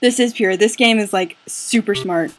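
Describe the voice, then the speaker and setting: A woman's voice: mid-range voice, moderate pace, soft background music. A woman playing a video game and chatting casually to viewers, loose and a bit sweary. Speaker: let's play gamer.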